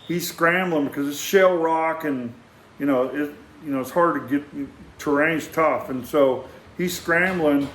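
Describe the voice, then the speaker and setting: An older man with a drawl tells a long personal anecdote, animated and acting out the sounds. He often starts a sentence over. His voice sits a little high and rings in a roomy, echoing space. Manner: animated, acts out sounds, many restarts. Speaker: storyteller.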